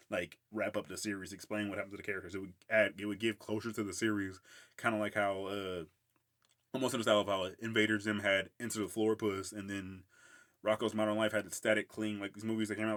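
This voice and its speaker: A man's voice: lowish voice, fairly bright tone. A man hosting a casual solo podcast, rambling about a cartoon with lots of filler words and frequent laughs. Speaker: podcast host.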